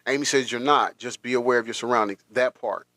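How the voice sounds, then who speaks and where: A man hosting a podcast, telling a personal story in a halting, emotional way with many restarts. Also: mid-range voice, steady tone, sharp tone, dry recording. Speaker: podcast host.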